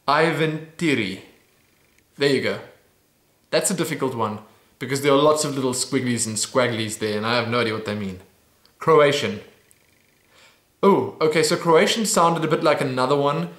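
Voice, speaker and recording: Slow, playful man in a roomy echo. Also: on the high side, a bit bright. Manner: playful, self-deprecating, chuckling while stumbling through foreign phrases. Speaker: YouTube channel host. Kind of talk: casual Q&A vlog.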